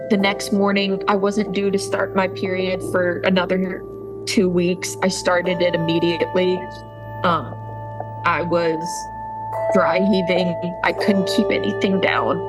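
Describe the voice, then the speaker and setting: A woman in tears, telling a painful personal story in halting speech full of pauses and restarts. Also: mid-range voice, steady tone, loud music behind the voice, poor audio. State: crying. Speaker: interviewee telling her story. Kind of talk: emotional personal testimony.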